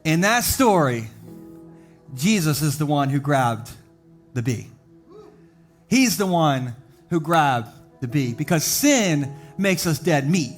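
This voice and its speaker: A man preaching a humorous, story-filled sermon to a live church congregation. He jokes, does quick voices for the people in his stories, then slows to a deliberate, emphatic delivery for his main points. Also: on the high side. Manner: humorous storytelling, animated voices for quoted characters. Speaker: pastor. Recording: live church service with faint background music.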